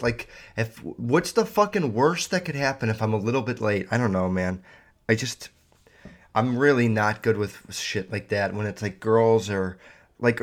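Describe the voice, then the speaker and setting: Young man, mid-pitch voice, solo podcast host, loose profane rambling. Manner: rambling, heavy profanity, lots of fillers. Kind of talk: casual solo podcast rant.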